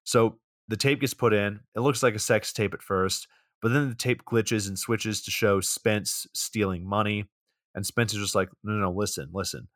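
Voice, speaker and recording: A young man with a low-pitched voice recaps a film's plot in a loose podcast chat. He rambles through it with plenty of fillers and little polish. The sound is dry and close, with no room echo. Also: fairly even intonation, moderate pace, a bit bright. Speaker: podcast co-host. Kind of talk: casual movie recap.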